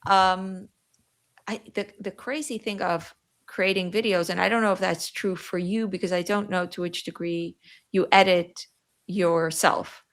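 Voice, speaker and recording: A woman's voice: lowish voice, steady tone, a little slow. A woman with a Yiddish accent, Yiddish as her first language, chatting as a podcast guest and often breaking off mid-sentence. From New York, USA. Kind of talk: podcast conversation.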